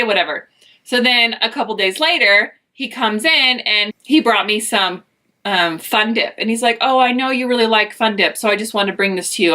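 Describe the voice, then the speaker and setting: Bright-voiced woman from utah, chatty storytime vlog, plays out both sides of the conversation. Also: fairly high pitch. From Utah, United States. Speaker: vlogger.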